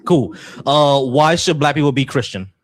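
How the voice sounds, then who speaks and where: A man's voice: on the high side, moderate pace. A man hosting a casual call-in debate stream, blunt and argumentative. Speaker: host.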